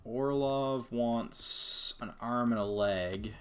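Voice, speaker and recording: A man's voice: medium pitch, very slow, fairly bright tone, a little hiss or hum. A man giving casual commentary while playing a hockey video game, exasperated and sarcastic, muttering to himself. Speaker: gaming YouTuber.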